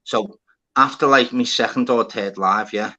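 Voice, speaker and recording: A man's voice: medium pitch, normal speed, sharp tone, highs cut off. A man hosting a live stream panel. He tells stories in a casual, sweary way and acts out both sides of each conversation, talking into his phone. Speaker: livestream host. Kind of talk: casual storytelling chat.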